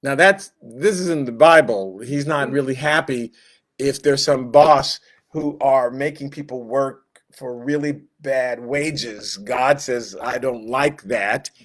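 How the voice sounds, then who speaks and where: A man's voice: medium pitch, slow pace. A man teaching a Bible class in a casual, conversational way, with joking asides and quoted voices acted out. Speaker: Sunday school teacher.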